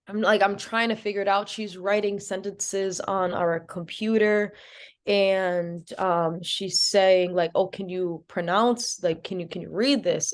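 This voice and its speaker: A young woman from Providence, Rhode Island, a podcast guest telling her story with lots of "like" fillers and acted-out dialogue. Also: mid-range voice. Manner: animated, acts out quoted dialogue, many "like" fillers. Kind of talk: storytelling in an interview.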